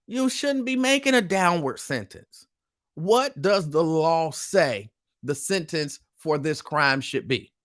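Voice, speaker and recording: A man's voice: fairly high pitch, expressive, takes it slowly, fairly bright tone. A man hosting a casual live stream, talking in an emphatic, repetitive, conversational way. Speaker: host.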